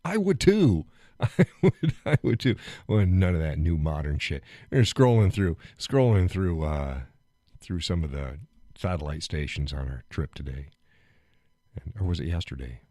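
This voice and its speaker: Rambling, joking man, lively pitch. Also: normal speed, no room sound, clean studio sound. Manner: rambling, joking, laughs often, gets loud and worked up. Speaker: live stream host. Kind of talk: casual live-stream chat.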